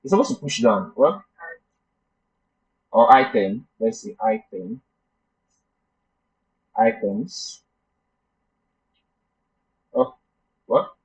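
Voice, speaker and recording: A male coding instructor chats with his students and thinks aloud while debugging during a live class. His voice is medium in pitch and slightly rough, and the lo-fi class recording sounds muffled.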